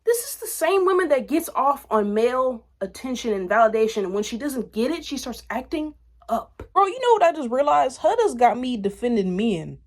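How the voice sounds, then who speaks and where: Blunt, animated young woman ranting. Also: normal speed. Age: 20s. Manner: animated, blunt, profane, swings between loud outbursts and low asides. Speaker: vlogger commenting on reality TV. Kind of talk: casual rant to camera.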